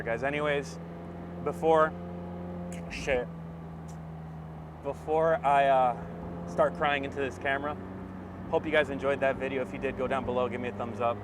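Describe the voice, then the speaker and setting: A man's voice: mid-range voice, fairly even intonation, normal speed, pauses often. A man filming a car vlog while driving an open-top sports car, talking in an emotional, exclaiming way and swearing now and then. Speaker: car vlogger. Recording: loud road and engine noise. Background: traffic and engine noise.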